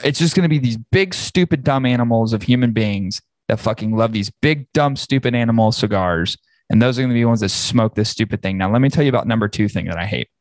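A man's voice: on the low side, lively intonation, fairly quick, a little mellow, dry recording. A man hosting a podcast, ranting angrily and swearing heavily. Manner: profane, angry ranting. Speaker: podcast host. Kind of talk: casual podcast rant.

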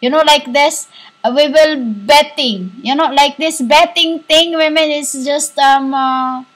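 A woman giving a rambling spiritual monologue as a self-styled teacher. She talks haltingly, with many fillers and restarts, and often breaks into soft laughter. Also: high voice.

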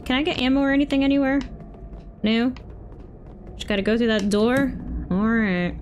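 Speaking at a moderate pace with frequent pauses, a woman whose voice is on the high side streams a video game over slight background noise and loud gunfire. Her live commentary is chatty, and she talks back to the game's characters with sudden outbursts.

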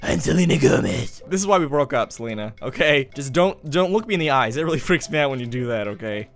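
A man's voice: mid-range voice, lively intonation, quick pace. A playful man giving casual gaming commentary, his voice bouncing up and down as he jokes and boasts. He often laughs between lines. Faint music sits behind him. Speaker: gaming video host.

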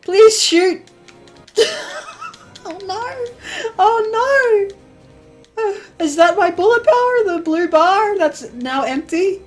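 A woman hosting a let's play, commenting on the game in an excitable way and laughing often. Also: extremely high pitch, slow, long pauses, soft background music. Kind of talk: gameplay commentary.

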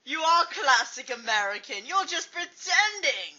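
Woman fan dubber, bright and slightly high, cursing and joking through outtakes on a muffled home mic. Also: big pitch swings, unhurried. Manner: joking, swearing, teasing, laughing. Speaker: fan dub voice actor. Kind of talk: blooper banter between takes.

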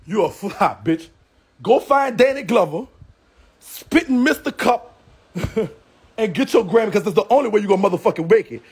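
Brash high-voiced streamer man, very husky. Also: lively intonation, moderate pace, darkish tone. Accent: Southern US. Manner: brash, profane, trash-talking with frequent laughs. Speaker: live streamer. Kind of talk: livestream rant.

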